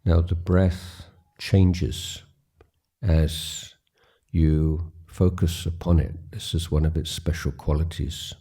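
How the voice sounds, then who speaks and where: Very deep, slow-spoken man teaching meditation. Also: flat delivery, mellow, breathy edge. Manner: slow, halting, with many pauses and fillers. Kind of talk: guided meditation talk. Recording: recorded at a retreat.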